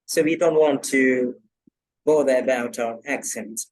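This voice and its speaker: A man's voice: medium pitch, measured pace, a little hiss or hum, low-quality recording. A man hosting an online English class over a video call, moderating turns and prompting speakers. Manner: directive, moderating turns, frequent fillers.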